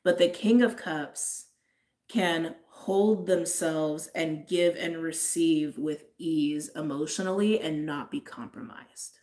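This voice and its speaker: A woman's voice: sits low, takes it slowly, a little mellow. A woman giving a casual, chatty tarot reading, talking straight to her viewers with frequent "like"s. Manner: chatty, lots of "like", frequent laughs. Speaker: tarot reader.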